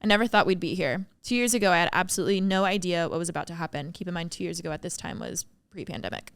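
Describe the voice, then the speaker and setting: A woman hosting a podcast alone, talking openly and from the heart, quick to laugh, on a studio mic. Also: on the low side, creaky, smooth, no echo. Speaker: podcast host. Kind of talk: candid solo podcast reflection.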